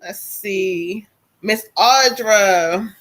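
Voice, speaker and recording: A woman's voice: medium pitch, drawn-out words, a bit bright. A woman from New Jersey giving a psychic reading on a live stream, blunt and profane. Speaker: psychic medium.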